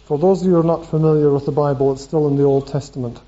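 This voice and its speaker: Mellow-voiced preacher, dull recording. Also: male voice, fairly high pitch, steady tone, rapid-fire. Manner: reads scripture aloud, asks the room questions. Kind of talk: sermon.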